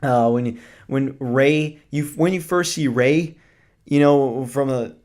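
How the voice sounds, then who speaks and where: A man's voice: medium pitch, takes it slowly, darkish tone. Man, movie review vlog, enthusiastic, gushing, casual, filler words. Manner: swears casually.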